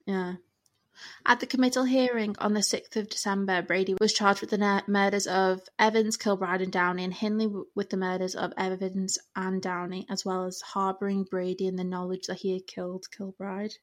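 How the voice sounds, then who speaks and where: A woman's voice: mid-range voice, little pitch movement, normal speed. Young woman reading true crime. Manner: reads case notes, breaks into laughter and swearing. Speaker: podcast co-host. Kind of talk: casual true-crime chat.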